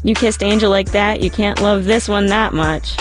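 A woman's voice: medium pitch, normal speed, pitched above the performer's own voice, close to an everyday voice. A woman reading the lines of a bold, teasing teenage girl, coaxing and commanding, over background music. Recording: music playing behind.

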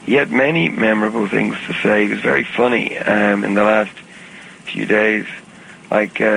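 A man giving a reflective, halting interview over the phone, with many restarts and a soft-spoken manner. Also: lowish voice, little pitch movement, gravelly, a little hiss or hum, rough recording. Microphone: phone call recording. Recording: archival phone tape with music underneath.

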